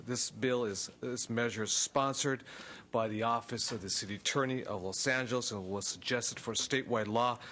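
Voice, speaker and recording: A man's voice: mid-range voice, fairly bright tone, slight background noise. A man presenting a bill to a legislative committee, out of breath and earnest, with frequent fillers and restarts. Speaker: state assemblyman presenting a bill. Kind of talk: formal legislative testimony. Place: legislative committee hearing room.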